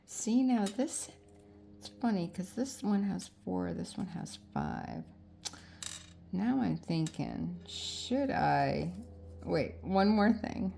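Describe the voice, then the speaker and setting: A woman's voice: lowish voice, animated, slow, vocal fry, dark tone, slight background noise. A middle-aged woman vlogging as she crafts, rambling and indecisive as she talks herself into her choices. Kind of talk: casual thinking aloud while crafting.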